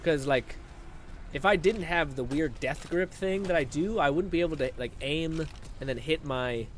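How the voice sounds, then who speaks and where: A man's voice: a little high, moderate pace, slight background noise. A man live-streaming a video game, chatting casually, swearing and laughing while he reads viewer comments. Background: game music.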